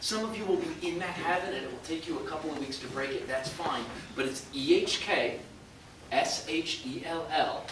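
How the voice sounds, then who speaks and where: High-voiced man conducting a choir rehearsal. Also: a bit bright. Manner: brisk, exacting, wry, counting the choir in and demonstrating sung words. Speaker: choral conductor. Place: large echoey rehearsal room. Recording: echoey room from far off, noisy.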